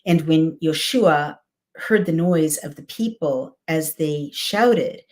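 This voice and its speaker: Reading slowly from the Bible, this woman speaks in a low voice with a darkish tone. She keeps pausing to reflect aloud in a conversational way, often asking "right?" or adding "you know."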